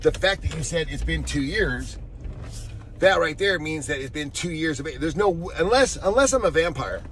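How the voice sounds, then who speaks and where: A man chats to his live-stream viewers through a mobile phone, his voice sitting high. He rambles, circles back on himself and reads out replies to comments. Traffic and street noise come through clearly around him. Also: lively intonation, moderate pace, a bit bright. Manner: rambling, answers chat messages aloud, frequent restarts.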